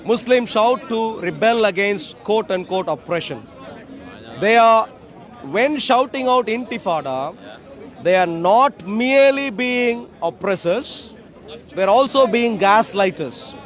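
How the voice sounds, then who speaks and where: A man's voice: high voice, lively intonation, slow, a faint crowd. A man speaking as a street speaker in an outdoor park, debating passersby in an emphatic, repetitive, lecturing way. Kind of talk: open-air debate speech to passersby.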